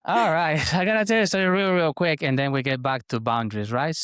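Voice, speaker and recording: Animated storytelling man. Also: quick pace, smooth, no echo, studio quality. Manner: animated storyteller, lively jumps in pitch. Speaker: podcast co-host. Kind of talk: conversational storytelling.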